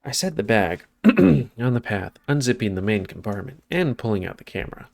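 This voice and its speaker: A man's voice: on the low side, big pitch swings, moderate pace, gravelly, a little mellow. A man reading a visual novel aloud as a let's play, stumbling and correcting himself now and then, with off-script asides. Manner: reads narration with stumbles and self-corrections, breaks off for asides.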